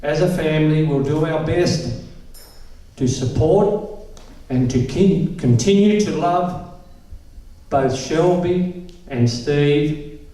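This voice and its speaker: An older man giving a measured wedding toast at a reception. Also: on the high side, dark tone. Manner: slow, measured delivery. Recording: echoey hall, distant mic.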